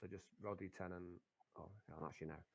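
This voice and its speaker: A man's voice: deep voice, fairly even intonation, fast talker, creaky, no echo, rough recording. A man running a tabletop game and checking rules as he goes, often stopping and restarting. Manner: hesitant, lots of restarts while checking rules. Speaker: game master.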